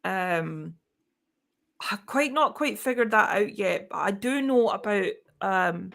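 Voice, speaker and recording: A woman's voice: medium pitch, lively intonation, takes it slowly, gravelly, fairly bright tone. Scottish woman, casual stream co-host, chatty storyteller. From Scotland. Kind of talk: casual live-stream chat.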